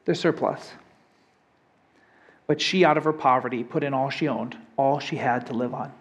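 A man's voice: medium pitch, normal speed. A young adult man preaching a sermon in a conversational way, often asking the congregation questions. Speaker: pastor.

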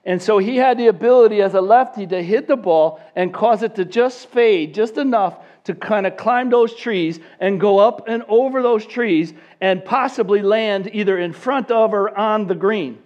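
A man's voice: high-pitched, normal speed, few pauses, a little mellow, muffled recording. A man in his fifties telling a long story in a sermon and acting out the people in it.

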